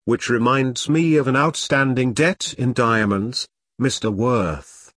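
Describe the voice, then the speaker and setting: A menacing female assassin speaking in clipped upper-class English, voiced by a man reading a story. Her delivery is cold and precise, with a husky, dry tone. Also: mid-range voice, slow pace, fairly bright tone, no echo. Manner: clipped, threatening.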